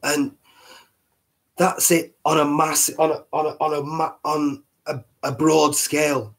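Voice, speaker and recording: A British man with a husky, chesty voice hosting a live online show in a rambling, casual way, often restarting his words. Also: fairly high pitch, flat delivery, a little slow, fairly bright tone, poor audio. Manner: rambling, repeats and restarts words, laughs at himself. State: chesty, a bit hoarse. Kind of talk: casual live-stream talk.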